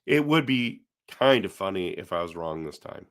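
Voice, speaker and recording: A man's voice: low-pitched, expressive, normal speed, creaky. A middle-aged man from Canada hosting a casual hockey live stream, reading viewer comments aloud and answering them in a chatty way.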